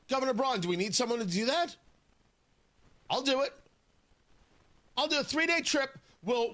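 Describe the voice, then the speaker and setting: A man's voice: high-pitched, a bit bright. A male radio talk show host delivering a combative, sarcastic opinion monologue.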